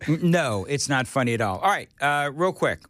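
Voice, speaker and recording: A man's voice: mid-range voice, animated, moderate pace, a bit bright, no echo, clean studio sound. A man hosting a morning talk radio show, opinionated and joking. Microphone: studio mic.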